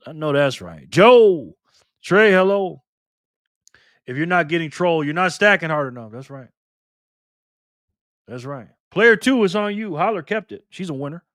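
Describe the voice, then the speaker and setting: A playful, upbeat man runs a casual live stream, calling out viewers by name and reading their comments aloud. His voice sits a bit high for a man, and it sounds close and dry with almost no room echo. He peppers his talk with slang and spelled-out internet abbreviations. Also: normal speed, pauses often. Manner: lively, playful, laughs often, calls out viewer names.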